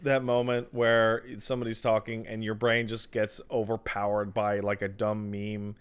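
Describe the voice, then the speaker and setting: Podcast co-host, male, excitable and giggly, smooth crisp tone. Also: lowish voice, moderate pace. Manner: excitable, laughs easily at his own jokes. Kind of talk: casual chat.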